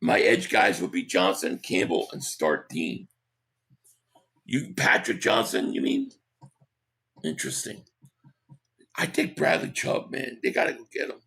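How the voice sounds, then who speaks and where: A man hosting a casual live stream, hoarse from losing his voice, who reads out viewer comments and gives blunt opinions. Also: low-pitched, sing-song, pushed and bright. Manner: opinionated, quick agreement with viewers.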